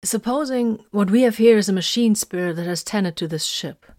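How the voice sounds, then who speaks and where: A woman's voice: mid-range voice, normal speed, a little mellow, no room sound, clean studio sound, voice pushed up, natural voice. A woman voicing a friendly, thoughtful younger male warrior working through an idea. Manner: friendly, explaining.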